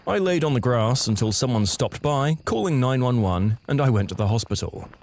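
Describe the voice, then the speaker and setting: Guy narrating reddit-style stories, pitch bouncing all over, mid voice. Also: lively intonation, fairly quick, a little mellow. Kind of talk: scripted story narration.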